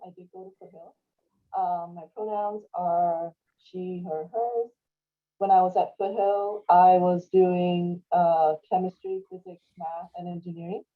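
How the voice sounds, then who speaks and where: Woman engineering student, low-ish voice, tinny call audio. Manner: brief, matter-of-fact. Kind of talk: casual self-introduction. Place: video call.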